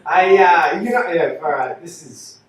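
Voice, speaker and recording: A man's voice: on the high side, lively intonation, unhurried, background noise. A man doing brash, profane, teasing stand-up crowd work, recorded far off in an echoey live comedy venue. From Australia.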